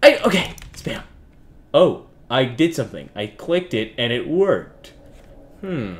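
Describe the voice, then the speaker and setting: A young man giving jokey, self-mocking let's play commentary that bursts into yelling when he is startled. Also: medium pitch, very animated, takes it slowly. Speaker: gaming youtuber.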